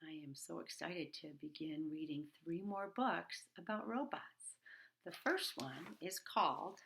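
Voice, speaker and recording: A woman reading a bedtime picture book aloud to children, hushed and half-whispered, with playful loud bursts. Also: on the low side, animated, unhurried, gravelly. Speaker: children's storybook reader.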